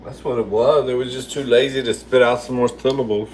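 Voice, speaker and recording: A man's steady mid-range voice moves at normal speed with long pauses, over slight background noise. He hosts a casual livestream while cooking in his home kitchen, giving sassy, foul-mouthed replies to comments and calling viewers "girl."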